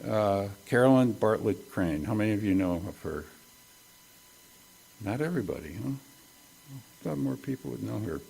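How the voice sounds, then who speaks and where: Male pastor, low voice, folksy conversational sermon, pokes fun at his own mistakes. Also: expressive, moderate pace, vocal fry, long pauses, darkish tone, husky. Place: church service.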